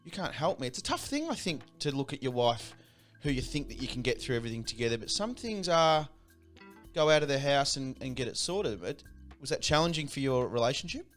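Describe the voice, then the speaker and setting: A man's voice: medium pitch, big pitch swings, a little fast, a bit bright, faint music behind. A man hosting an interview, asking probing, attentive questions. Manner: probing, attentive, with many listening murmurs. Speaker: podcast host. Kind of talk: interview conversation.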